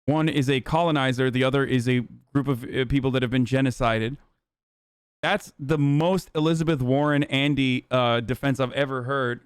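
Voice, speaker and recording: A man's voice: medium pitch, fairly even intonation, normal speed, clear, resonant tone, no echo, clean studio sound. A man hosting a live stream, giving casual, blunt, profane commentary and sarcastic reactions to chat. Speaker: livestream host.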